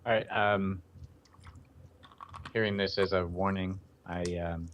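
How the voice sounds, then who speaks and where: A man playing a tabletop game over voice chat, calmly describing what his character does. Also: low-pitched, slow, a little hiss or hum. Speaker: player. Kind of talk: tabletop role-play. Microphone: online voice chat mic.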